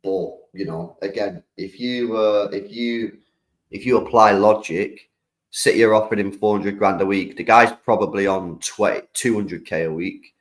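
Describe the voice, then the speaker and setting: A young British man hosting a live stream, reacting to football news and chatting with viewers in an animated, slangy way. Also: fairly low pitch, normal speed, low-quality recording. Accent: British English. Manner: slangy, animated, talks to the chat. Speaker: streamer host.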